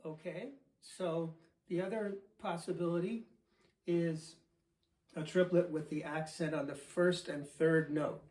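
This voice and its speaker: A fairly high, mellow man's voice, a drum teacher in his fifties talking through rhythm exercises and counting them in. He sounds relaxed and methodical. His voice rings in an echoey studio room. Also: unhurried, soft background music. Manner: relaxed, explains step by step with counting. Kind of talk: instructional demonstration.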